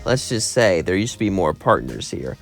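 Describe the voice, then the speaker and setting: A man's voice: deep voice, sing-song, normal speed, soft background music. A man voicing a clingy, possessive young woman demon princess in a fan story, sweet on the surface. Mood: menacing. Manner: sweet voice hiding obsession.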